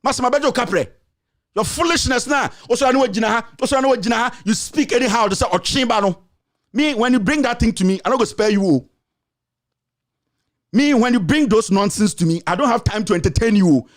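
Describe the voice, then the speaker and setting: Hosting his own commentary show, a Ghanaian man launches into a furious political rant, scolding and insulting while repeating the same jabs again and again. His voice sits unusually high for a man, and he speaks fast and animatedly.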